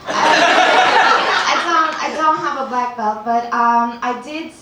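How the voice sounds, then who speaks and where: A woman's voice: fairly high pitch, takes it slowly, a crowd in the background. A young woman from Turkey performing a stand-up comedy set in a comedy club, delivering her punchlines in a dry, offhand way with little chuckles. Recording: very echoey, distant room sound with noise.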